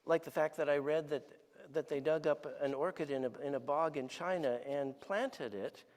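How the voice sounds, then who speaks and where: A man's voice: on the high side, normal speed, darkish tone, in a large hall. A man in his sixties giving a conversational sermon as a guest speaker, telling stories and asking the audience questions. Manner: storytelling, asks the audience questions. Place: church hall.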